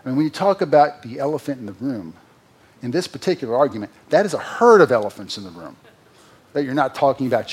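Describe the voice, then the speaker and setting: A pastor delivers a sermon in a husky, slightly breathy voice. He is earnest and direct. He swings between emphatic, rising peaks and quiet, low confiding passages, with sarcastic asides along the way. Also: big pitch swings, quick pace.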